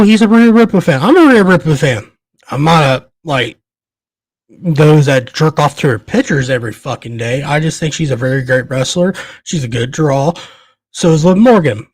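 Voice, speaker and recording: A man's voice: medium pitch, breathy edge, no room sound. Angry swearing man ranting. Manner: profane, heated, stammering. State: shaking with anger. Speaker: podcast host.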